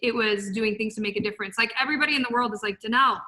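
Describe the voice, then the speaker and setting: A woman speaking as a guest, telling her story in a passionate, blunt motivational way and loudly quoting herself. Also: a little high, very fast, low-quality recording. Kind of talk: emotional motivational talk.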